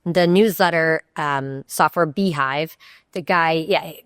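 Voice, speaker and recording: A woman's voice: low-pitched, slow, fairly bright tone, clear, resonant tone, no room sound, clean studio sound. A woman guest on a podcast, explaining her ideas through many examples in a conversational way, often restarting sentences. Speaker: guest, networking consultant.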